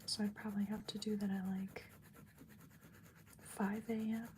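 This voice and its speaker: A woman's voice: mid-range voice, little pitch movement, moderate pace, a little hiss or hum. Whispering woman leaning close to the mic. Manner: soft whispering. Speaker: livestream host. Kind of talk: casual livestream chat while coloring. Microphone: close, leaning right over the microphone.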